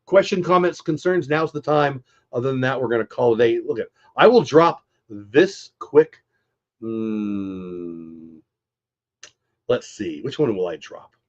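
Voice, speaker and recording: A man's voice: mid-range voice, lively intonation, normal speed, slightly rough, muffled recording. A middle-aged man with a stuffed-up voice hosting a casual live stream, chatty and upbeat, talking straight to his viewers. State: stuffy, congested. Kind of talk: casual post-game live-stream chat.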